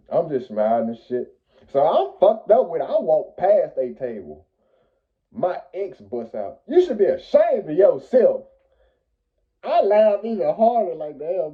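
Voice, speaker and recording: Young man, storytime vlogger, swinging pitch, heavy profanity, phone-quality audio. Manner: profane, animated street slang, swings loud and high when retelling. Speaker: vlogger telling a personal story. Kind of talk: casual storytime monologue.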